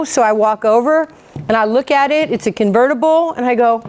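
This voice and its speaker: A woman's voice: high-pitched, normal speed, a little hiss or hum. A woman, giving a motivational talk full of stories and acted-out dialogue. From New York. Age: 50s. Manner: animated, acts out quoted dialogue. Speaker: guest speaker.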